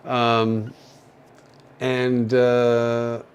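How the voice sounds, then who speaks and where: An older man chatting on a casual livestream, taking his time over every thought. He rambles and stalls with fillers and small laughs as he answers his viewers' messages in a mid-pitched voice. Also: monotone, dull audio. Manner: halting and rambling, with many fillers and soft chuckles. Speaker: livestream host reading viewer chat.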